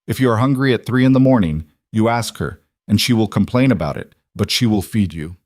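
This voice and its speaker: A man voicing a calm, formal mafia boss in a storybook narration, speaking in measured, deliberate sentences. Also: fairly low pitch, no echo, studio quality, lightly acted. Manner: formal, measured, dryly patient.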